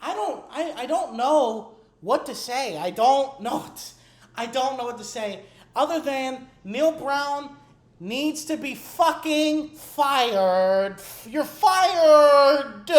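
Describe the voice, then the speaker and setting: A woman's voice: sits high, lively intonation, slow pace, darkish tone. A woman sports fan at home, delivering a furious, profanity-laden rant that keeps repeating itself. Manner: furious, profane, repetitive ranting. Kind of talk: angry rant to camera. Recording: echoey room.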